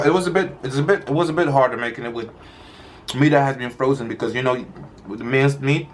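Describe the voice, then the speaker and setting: A man's voice: mid-range voice, a little hiss or hum. Chatty man eating on camera. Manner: chatty, rambling, eating between words. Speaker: mukbang vlogger. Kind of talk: casual chat while eating.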